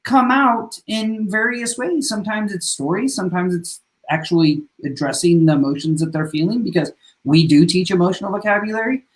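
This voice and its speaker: A man's voice: sits high, a little fast. A man who works as a school principal, telling earnest stories in a casual podcast conversation and acting out what his students say. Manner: earnest storyteller, acts out quotes of students.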